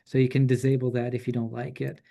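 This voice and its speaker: A man presenting a software tool in a relaxed, chatty way, with frequent fillers and restarts. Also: mid-range voice, quick pace, vocal fry. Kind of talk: casual software demo.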